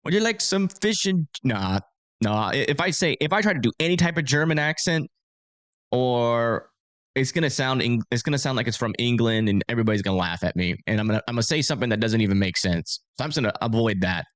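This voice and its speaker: Man in his thirties, casual livestream host, chatty and self-deprecating, mid-pitched voice, dry close mic. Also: quick pace, dry recording. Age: 30s. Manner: chatty, reads donations aloud, self-deprecating. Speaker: storm-chasing livestream host.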